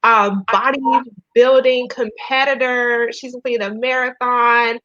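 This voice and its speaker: A woman's voice: fairly high pitch, steady tone, slow pace, bright, forceful tone, no echo. A woman hosting a live interview, enthusiastic and affirming as she introduces her guest. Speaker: host. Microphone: live video call. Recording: dull, lo-fi and dry.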